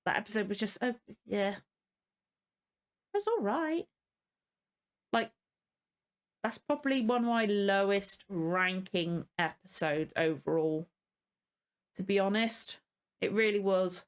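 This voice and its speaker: A woman hosts a casual reaction video, speaking slowly in a medium-pitched voice and pausing often. She rambles frankly, with many fillers and restarts, openly annoyed about the episode she watched.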